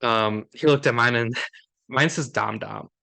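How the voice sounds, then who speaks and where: A man's voice: medium pitch, a little slow, creaky, pushed and bright. A man co-hosting a golf podcast from Minnesota, chatting casually and upbeat, laughing often. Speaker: podcast co-host. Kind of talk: casual chat.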